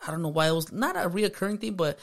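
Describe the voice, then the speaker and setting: Man, casual podcast chat, slightly high pitch, slangy, agreeable. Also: fast talker, vocal fry. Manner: relaxed slangy talk with frequent agreeing.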